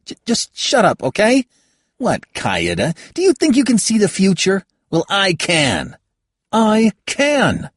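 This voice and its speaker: A man's voice: high voice, wildly swooping pitch, slow pace, no room sound, pitched above the performer's own voice, heavily acted. A man voicing a hotheaded young male soldier who talks back brashly. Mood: defiant.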